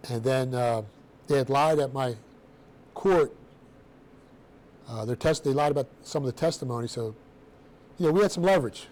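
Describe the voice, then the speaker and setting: A middle-aged man telling his own story to a room of students in a blunt, streetwise, animated way, with casual slang. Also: mid-range voice, moderate pace, pauses often. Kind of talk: personal storytelling talk to students.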